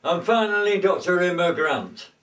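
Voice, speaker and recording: A jumpy, exclaiming ex-serviceman, acted by a man in an amateur comedy sketch. His voice runs high. It sounds roomy and far from the mic. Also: moderate pace, slight background noise. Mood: announcing. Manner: excitable, exclaiming. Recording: echoey room, voice from far off.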